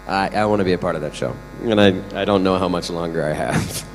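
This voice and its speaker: A man's voice: sits low, a little fast, hardly any pauses, some chatter behind. A man answering fan questions on a convention panel, joking and laughing often. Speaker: guest actor on a convention panel. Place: large convention hall. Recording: echoey convention hall, faint hum.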